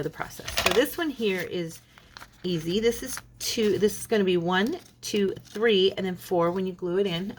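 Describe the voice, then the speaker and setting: A woman's voice: lowish voice, slight background noise. Chatty woman explaining paper crafts. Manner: chatty, many "okay"s, talks while folding and showing paper. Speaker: craft video host. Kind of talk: casual craft tutorial.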